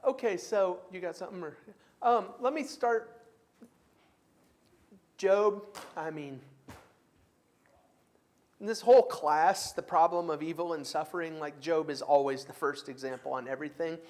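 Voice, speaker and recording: A man leading a church Bible class in a conversational way, taking comments and reading scripture aloud with emphasis. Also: a little high. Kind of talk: church class teaching with discussion.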